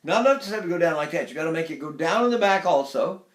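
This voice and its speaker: A man's voice: expressive, fast. An older man teaching vocal technique, stopping to demonstrate sighs and sung phrases. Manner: demonstrates by sighing and singing phrases high. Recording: echoey room.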